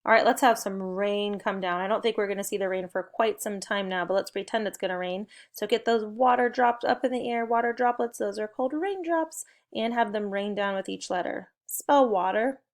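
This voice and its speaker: A woman's voice: mid-range voice, normal speed, few pauses. Upbeat woman teaching kids to spell. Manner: upbeat, encouraging, sing-song call-and-response prompts. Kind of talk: recorded phonics and spelling lesson for young children.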